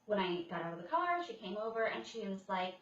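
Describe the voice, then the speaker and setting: A woman in her thirties, a guest in a casual chat, telling stories in an animated way. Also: mid-range voice, fairly quick. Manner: animated storyteller. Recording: echoey room, distant dull mic.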